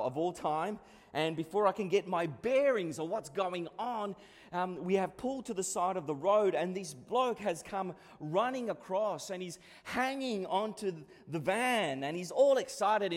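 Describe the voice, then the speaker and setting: A man in his forties with an Australian accent, preaching a sermon in a conversational, storytelling way. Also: high voice. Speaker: pastor. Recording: long reverb of a hall.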